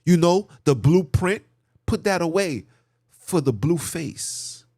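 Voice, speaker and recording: A podcast host rants in an emphatic, sermon-like way and hammers each point through repetition. His voice sits a little high for a man and swings widely in pitch. The sound is close and dry, with no room echo. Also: animated, slow, darkish tone. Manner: preachy, emphatic, repetitive lists. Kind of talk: ranting commentary monologue.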